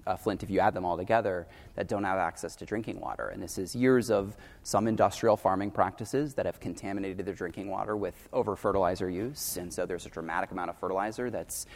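A man speaking on a panel, earnest and emphatic, talking in long rushing sentences. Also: low-pitched, big-room sound. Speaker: panelist on farming and water policy. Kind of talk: panel discussion.

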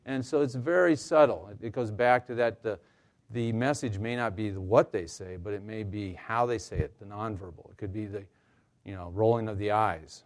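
Male counselor, low voice, relaxed workshop delivery, lots of "uh"s, dry humor, live room. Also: normal speed. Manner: conversational, many fillers and restarts, light humor. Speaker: counselor leading a staff workshop. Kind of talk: informal workshop presentation.

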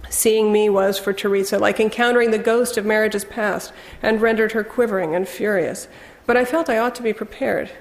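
Gravelly-voiced woman narrating a novel. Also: mid-range voice, moderate pace, long reverb tail. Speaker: audiobook narrator. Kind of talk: first-person literary narration.

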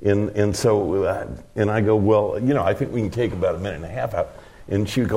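Very deep-voiced man telling a long anecdote. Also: steady tone, fast, mellow. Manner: rambling anecdotal, frequent fillers and restarts. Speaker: producer and director. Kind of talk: interview storytelling.

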